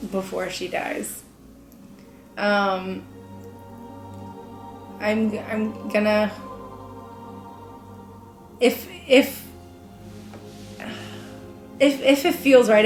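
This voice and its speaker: A young woman talking casually in an interview as a live-action role-player, enthusiastic and reflective. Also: medium pitch. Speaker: LARP player. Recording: roomy echo with faint music.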